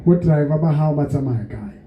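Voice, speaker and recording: Preacher in an echoey hall. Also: male voice, on the high side, brisk, narrow, tinny audio. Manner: mixes languages, leads call-and-response prayer with the congregation. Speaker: prophet leading a church service. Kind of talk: sermon and led prayer. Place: church hall with congregation. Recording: echoey noisy church hall.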